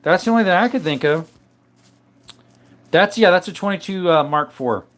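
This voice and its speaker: A man hosting a live stream in a casual chat style, reading out viewer comments and answering them in a relaxed, easygoing way. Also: high voice, normal speed. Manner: relaxed, with frequent uh and um.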